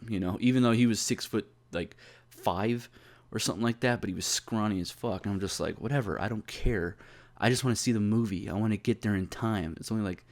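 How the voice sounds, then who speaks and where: A man's voice: fairly low pitch, darkish tone. A young man telling a personal story in a casual vlog, rambling and profane, full of fillers and restarts. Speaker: YouTuber.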